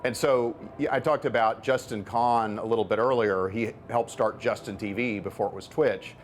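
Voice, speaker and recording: A middle-aged man with a lowish voice lays out his ideas in a relaxed, explanatory interview manner, stumbling over repeated words as he thinks aloud. A faint hiss sits under the recording. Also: moderate pace. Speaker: venture capitalist and author. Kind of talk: conversational interview answers.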